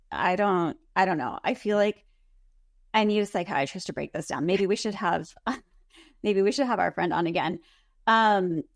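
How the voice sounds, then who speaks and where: Woman co-host, exasperated retelling with acted quotes, medium pitch, dry recording. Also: no room sound. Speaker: podcast co-host. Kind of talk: casual recap chat.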